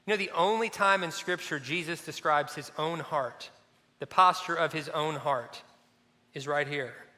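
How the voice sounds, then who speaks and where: A middle-aged man preaching a sermon as pastor, animated and conversational with playful asides, in a large church auditorium. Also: on the high side, a little slow. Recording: long hall reverb.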